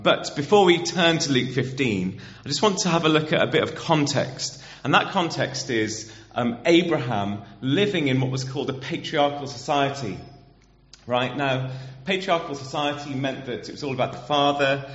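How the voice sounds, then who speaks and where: A man's voice: medium pitch, fairly bright tone. A man preaching a conversational sermon in a church, getting the congregation to repeat words back to him. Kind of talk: interactive sermon. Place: church hall. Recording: dull, muffled church recording.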